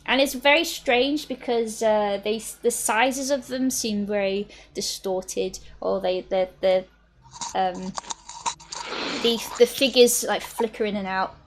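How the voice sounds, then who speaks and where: A woman narrating a tabletop game as game master, pausing and restarting her sentences often. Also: mid-range voice, steady tone, a little hiss or hum. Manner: halting, lots of fillers and restarts.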